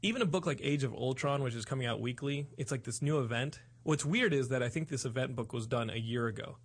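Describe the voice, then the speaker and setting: A man hosting a podcast in casual chat, rambling and excitable. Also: mid-range voice, quick pace. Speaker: podcast host.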